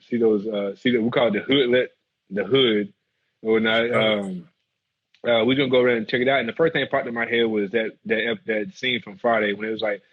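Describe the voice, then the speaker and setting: A man telling a story casually, animated and laughing, acting out the people in it. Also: medium pitch, slightly rough, dull audio. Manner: animated, laughs, acts out quotes. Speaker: guest, former football player.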